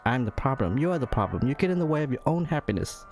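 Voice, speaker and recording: A man's voice: mid-range voice, very animated, quick pace, darkish tone, soft background music, lightly acted. A man putting on a scornful cruel blind date woman. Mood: cold. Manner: cutting and scornful.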